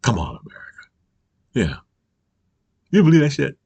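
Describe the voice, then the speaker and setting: A man's voice: mid-range voice, huge pitch swings, normal speed, creaky, a little mellow, husky, no room sound. A man delivering an angry, profane political rant, emphatic and repetitive, constantly asking if the listener understands. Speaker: political commentator.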